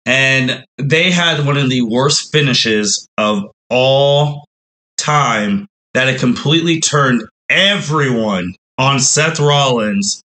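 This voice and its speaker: A man with a forceful, bright voice at an ordinary middle pitch hosts a wrestling podcast. He talks in a loose storytelling way. He keeps slipping into quoted reactions from the fans. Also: takes it slowly, poor audio. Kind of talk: casual podcast recap.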